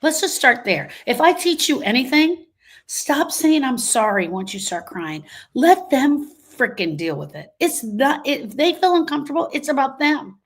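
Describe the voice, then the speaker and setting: A woman's voice: high voice, expressive, moderate pace. A woman grief coach giving an emphatic, motivational live talk, repeating her phrases and acting out what people say. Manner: emphatic, repeats phrases, acts out quoted voices.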